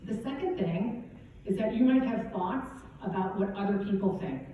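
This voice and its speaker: A woman's voice: mid-range voice, normal speed, dark tone, a little hiss or hum. A middle-aged woman golf coach giving a casual, conversational motivational keynote speech, often asking "right?". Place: event hall at a golf championship. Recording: very echoey hall, distant dull mic.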